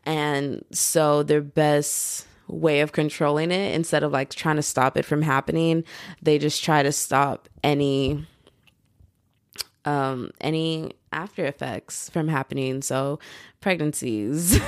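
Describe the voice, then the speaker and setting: A young woman from the United States rambles through a casual podcast monologue, dropping slang and filler "like" everywhere. Her voice sits low with a gravelly fry. The sound is dry and close. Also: steady tone, slow pace, a little mellow, no room sound. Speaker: podcast host.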